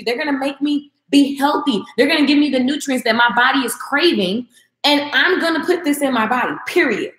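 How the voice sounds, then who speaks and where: A woman's voice: high-pitched, a little fast, fairly bright tone, reverberant. A woman vlogger giving a passionate, emphatic motivational talk straight to her viewers, repeating phrases for emphasis.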